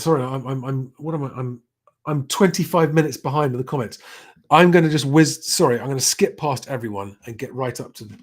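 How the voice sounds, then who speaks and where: Husky middle-aged man rambling. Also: medium pitch. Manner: rambling with many fillers and restarts. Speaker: livestream host reading chat comments. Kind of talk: casual live-stream commentary.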